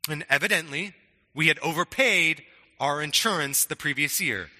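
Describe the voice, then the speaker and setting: A man's voice: a little high, moderate pace, sharp tone, long reverb tail. A middle-aged man preaching a sermon in a conversational way, often stammering on restarts and checking in with "right?". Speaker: pastor.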